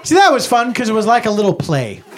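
A male stand-up comedian performing a routine with a dramatic, drawn-out delivery. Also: high-pitched, big pitch swings. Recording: noisy live stand-up recording.

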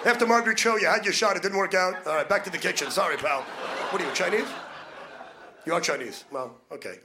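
Man, stand-up comedian, high voice, gravelly, brash, fast, crowd work, noisy live club recording. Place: comedy club stage before a laughing audience.

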